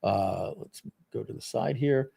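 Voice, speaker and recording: A man hosting a live product launch stream, walking viewers through a software demo in a casual, rambling, self-deprecating way with lots of fillers. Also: fairly low pitch, a little slow, creaky, slightly rough.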